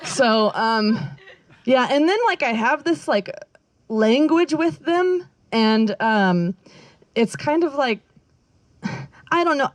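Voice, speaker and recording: A woman's voice: high voice, expressive, takes it slowly, long pauses, dry recording. Woman stand-up comic, rambling self-deprecating set, giggles through it, dry close sound. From Northern California. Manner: rambling, self-deprecating, lots of fillers and laughs. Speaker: stand-up comedian. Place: outdoor backyard comedy show.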